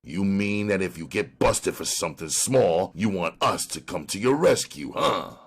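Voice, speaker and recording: A man's voice: medium pitch, big pitch swings, unhurried, vocal fry, husky, pitched above the performer's own voice, heavily acted. A man voicing a hard, threatening male police detective who talks sternly. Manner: stern, menacing.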